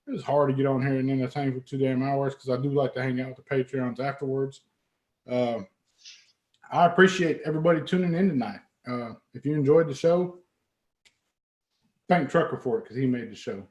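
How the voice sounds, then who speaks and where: A man's voice: mid-range voice, a little fast, a little mellow, echoey room. A man hosting a casual late-night livestream, laid-back and profane, laughing often. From Texas. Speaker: livestream host.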